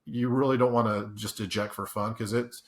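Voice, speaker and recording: A man with a lowish, steady voice at normal speed tells casual stories as a podcast guest. He rambles, restarts often, laughs a lot and acts out the quotes.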